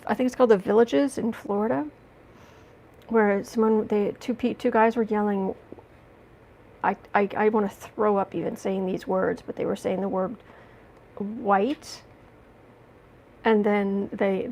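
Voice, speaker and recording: A woman hosting a casual livestream from home, chatting with viewers and reading their questions in a relaxed, rambling way. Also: mid-range voice. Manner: chatty, coos baby talk to her cat between reading viewer questions. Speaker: tarot reader and livestream host.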